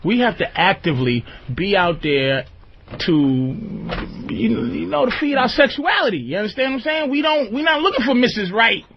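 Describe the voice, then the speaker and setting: A man's voice: sits high, big pitch swings, normal speed, highs cut off, slight background noise. A man hosting a radio talk show, talking casually in a rambling, emphatic way and often checking that the listener follows. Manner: rambling, emphatic, often asks "you understand".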